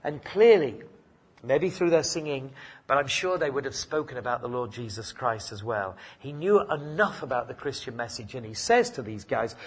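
Chatty older preacher, husky. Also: male voice, mid-range voice, expressive, brisk. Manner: chatty and anecdotal, with asides and self-corrections. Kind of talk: sermon.

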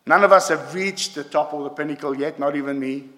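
A man delivers a sermon with emphatic, repeated prompts to his listeners. His voice sits a little high for a man. A long hall reverb trails behind each phrase, as in a church. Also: moderate pace, pushed and bright. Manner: emphatic, repeats "yeah?" to the congregation. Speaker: preacher.

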